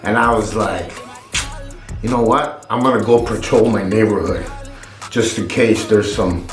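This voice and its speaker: A man's voice: lowish voice, normal speed. A man vlogger chatting casually in a laid-back way, swearing casually. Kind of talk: casual chat. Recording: roomy with faint music.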